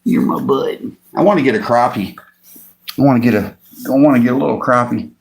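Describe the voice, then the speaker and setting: A man hosting a casual livestream from his home beside a fish tank. He chuckles often and coos at his pet fish in sudden high bursts. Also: quick pace, creaky. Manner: chuckles often between remarks. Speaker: fishing channel host.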